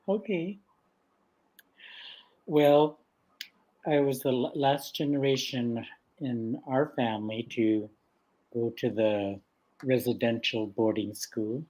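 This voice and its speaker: An older man from the west coast of Vancouver Island, a guest storyteller telling stories in an unhurried, gentle way with frequent laughter. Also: medium pitch, poor audio. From west coast of Vancouver Island, Canada. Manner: unhurried and gentle, laughs often between phrases. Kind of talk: casual spoken storytelling.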